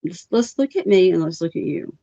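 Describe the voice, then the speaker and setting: A woman's voice: on the low side, lively intonation, a little fast, creaky, mellow, no echo. A woman rants on a livestream in a blunt, profane and rambling way, with many fillers. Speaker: livestream host. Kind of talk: livestream rant. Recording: dull lo-fi stream audio.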